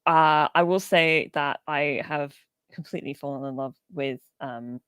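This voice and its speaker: Chatty lower-pitched woman. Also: unhurried, a bit bright, clear, resonant tone, no room sound. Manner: chatty, rambling, laughs often, swears casually. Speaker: podcast co-host. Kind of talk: casual chat about films.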